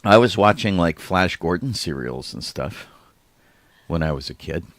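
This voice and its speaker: A man's voice: deep voice, lively intonation, moderate pace, fairly bright tone, no room sound. A man co-hosting a podcast, chatting casually and often trailing off mid-sentence. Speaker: podcast co-host. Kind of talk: casual chat.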